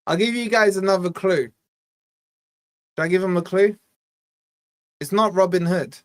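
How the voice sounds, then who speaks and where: A man hosting a football fan channel's live watch-along, bantering casually with his chat and breaking into quick play-by-play commentary. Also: high voice, dry recording, studio quality. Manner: chatty, teasing, jumps between quiz talk and play-by-play.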